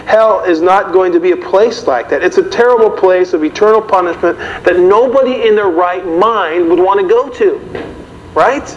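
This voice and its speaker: A man delivers a sermon to a congregation in a loose, conversational manner and keeps turning to the audience with questions. His voice sits a little high. The recording is somewhat muffled, with a faint hiss underneath. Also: normal speed. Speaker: preacher. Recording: dull, slightly noisy recording.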